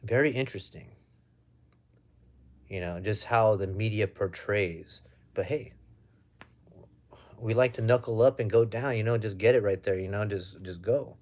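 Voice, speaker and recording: A man's voice: fairly low pitch, measured pace, pauses often, a little mellow. A young American man chatting casually on a live stream at home, reading out viewer comments in a loose, chatty way. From United States. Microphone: webcam or phone.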